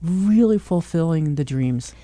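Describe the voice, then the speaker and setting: A woman's voice: sits low, expressive, unhurried, dark tone, no room sound. A woman guest on a radio talk show, talking enthusiastically about travel. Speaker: guest, cruise company representative. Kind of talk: casual radio interview.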